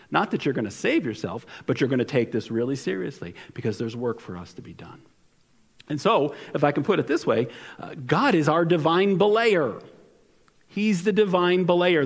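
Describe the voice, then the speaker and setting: Earnest pastor preaching in a reverberant hall. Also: male voice, on the high side. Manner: earnest, conversational preaching with frequent restarts. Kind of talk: sermon. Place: church sanctuary.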